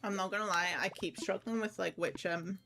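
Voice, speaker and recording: A woman's voice: mid-range voice, fairly even intonation, fairly quick, background noise. A woman livestreaming a cozy game, chatting casually and thinking aloud with lots of ums. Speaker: livestreamer playing a life-sim game. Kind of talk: casual game-stream chat.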